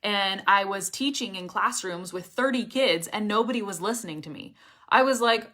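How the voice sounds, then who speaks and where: Bright, strong-voiced woman teaching English. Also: mid-range voice, moderate pace. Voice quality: strong, well-supported voice. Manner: energetic, emphatic, checks in with frequent "okay?". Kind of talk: casual online lesson.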